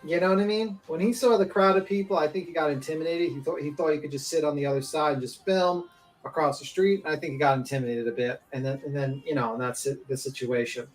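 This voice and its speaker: A blunt, opinionated speaker trading views in a loose online panel, mid-pitched voice, swearing freely and breaking into laughter. The talk is relaxed and chatty, full of "like" and "you know". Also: quick pace. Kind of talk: casual panel chat.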